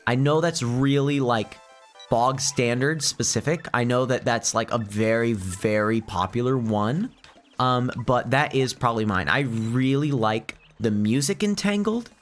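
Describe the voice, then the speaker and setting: A man's voice: mid-range voice, a little slow, faint music behind. A young man giving casual gameplay commentary, rambling and hesitant, often restarting his sentences. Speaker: let's play host.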